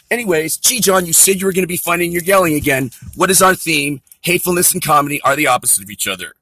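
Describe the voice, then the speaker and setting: Sarcastic ranting man, bright voice. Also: on the high side, expressive, quick pace, few pauses, low-quality recording. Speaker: comedian. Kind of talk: comedy rant.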